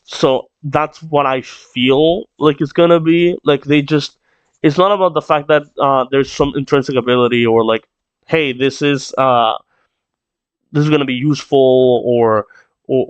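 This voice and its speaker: A man's voice: mid-range voice, steady tone, moderate pace, smooth, no echo, dull audio. A man reading a comic aloud and reacting, rambling and thinking aloud as he goes. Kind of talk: casual read-along reaction.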